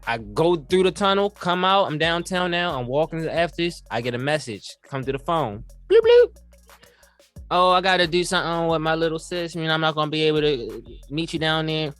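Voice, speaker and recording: A man's voice: a little high, brisk, hardly any pauses, fairly bright tone, clean tone, no echo, faint music behind. A young man on a podcast, telling a story in casual slang and acting out the quoted lines as he goes. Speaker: podcast co-host.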